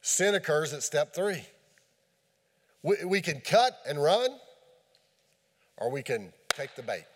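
A man preaching a sermon in a folksy, animated storytelling way, mixing scripture with homely fishing talk and playful sound effects. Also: on the high side, slow pace, pauses often. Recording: long hall reverb.

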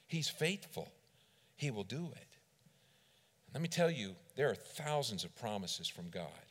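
A middle-aged man preaching a sermon as a church district superintendent, telling stories and swinging between loud emphasis and quiet asides. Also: mid-range voice, sing-song, a little slow, long pauses, breathy edge. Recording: long reverb of a large hall.

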